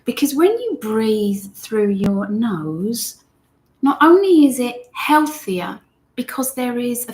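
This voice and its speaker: Gravelly-edged woman teaching meditation. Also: a little high. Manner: gentle, chatty, reads viewer comments aloud. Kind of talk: live-streamed guided meditation lesson.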